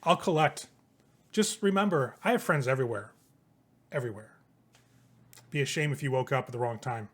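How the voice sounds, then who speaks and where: A man voicing a brash, boastful young male vampire hustler who talks loudly and swaggers. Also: mid-range voice, a little fast, pauses often, breathy edge. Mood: defiant.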